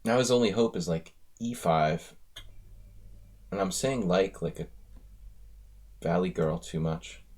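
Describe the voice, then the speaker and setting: A man's voice: deep voice, measured pace, long pauses, a little mellow. An American man chatting casually while commenting on his own online chess games during a live stream, wandering off into asides. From United States. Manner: rambling, chatty asides between chess moves.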